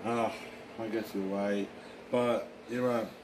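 A man improvising a fan drama, talking in a rambling, halting way with excitable exclamations. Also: on the low side, background noise. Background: music.

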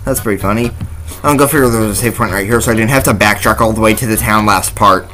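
A man's voice: on the low side, fast, bright, forceful tone, faint music behind. A man hosting a let's play, giving casual gameplay commentary with wry asides to himself.

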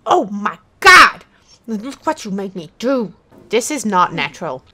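A woman gamer at home giving frustrated commentary on a game, swearing and shouting often. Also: mid-range voice, big pitch swings, a little slow, breathy edge. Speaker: let's play gamer.

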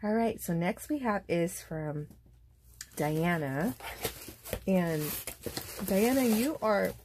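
In a slow, lowish voice, a young woman vlogs her unboxing of craft gifts. She talks casually with plenty of fillers, gushes, and is moved to happy tears, while steady background noise persists.

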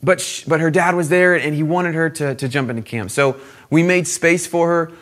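Animated young male youth preacher. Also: a little high, moderate pace. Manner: animated, swings from loud to hushed. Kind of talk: sermon storytelling.

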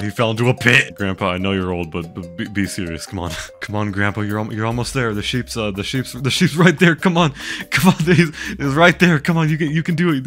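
Excitable low-voiced young gamer man. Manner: excitable, swearing, stammering restarts, bursts into high yelps. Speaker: gaming YouTuber. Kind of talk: casual gameplay commentary.

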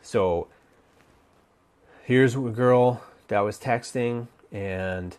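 A man's voice: mid-range voice, extremely slow, a little mellow. A man coaching on dating, giving casual advice while thinking aloud, with many restarts and fillers. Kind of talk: casual instructional talk.

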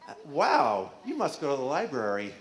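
A children's singer-songwriter and guitarist performs a concert for kids in a library room, singing and asking them playful questions. His mid-range voice swings hugely in pitch at normal speed. The room is echoey and his acoustic guitar plays loudly.

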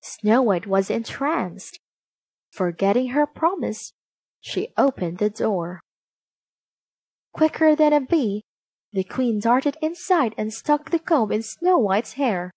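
A woman narrating a storybook aloud, slow, clear and expressive. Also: fairly high pitch, no echo.

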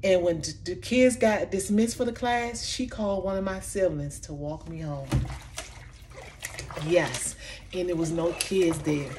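Upset woman venting on camera. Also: measured pace. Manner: impassioned, repeating herself, voice dropping low and soft when recalling hurt. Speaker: vlogger. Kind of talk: emotional commentary vlog. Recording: faint background noise.

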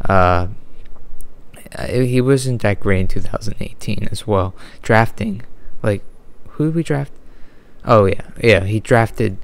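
A man's voice: lowish voice, smooth. A man ranting unscripted at home late at night, frustrated and rambling, often stopping to restart his sentences. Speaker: sports vlogger. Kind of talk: unscripted rant.

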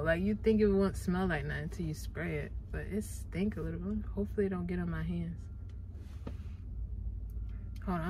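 A woman's voice: lowish voice, darkish tone, a little hiss or hum, low-quality recording. A young adult woman talking casually and playfully to her viewers in a vlog, with lots of slang and swearing. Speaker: YouTuber.

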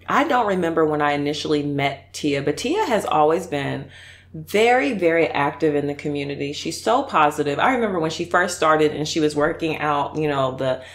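A woman mukbang YouTuber chatting casually and effusively while reacting to video clips, laughing often. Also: low voice.

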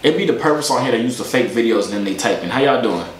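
A man's voice: medium pitch, animated, very fast, slight background noise. Teasing young man on a video call. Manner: teasing, joking. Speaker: host. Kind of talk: casual video-chat banter. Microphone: webcam or phone on a video call. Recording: roomy echo.

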